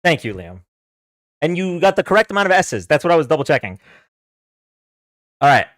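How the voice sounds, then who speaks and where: A man's voice: a little high, sing-song, fairly quick, fairly bright tone, no room sound, studio quality. A man hosting a casual livestream, chatting loosely with fillers and easy laughs. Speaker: livestream host.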